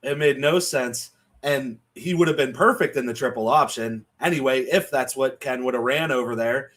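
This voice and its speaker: A podcast co-host breaks down college football picks in a casual sports betting chat, joking around and laughing often. His voice sits at a medium pitch with a fairly bright tone, and he talks at a moderate pace.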